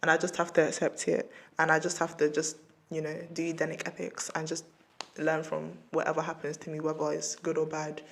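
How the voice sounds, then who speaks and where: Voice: mid-range voice, monotone, a little fast, creaky. Playful, effusive podcast host. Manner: playful, effusive, upbeat sign-off. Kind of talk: casual podcast chat.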